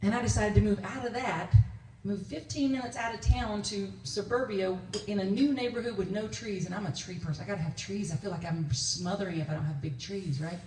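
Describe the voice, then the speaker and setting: A woman's voice: medium pitch, brisk, few pauses, darkish tone, slight background noise. A woman minister giving a conversational sermon, telling stories with laughs and quoted voices. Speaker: guest minister. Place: church sanctuary. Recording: echoey church from a distance.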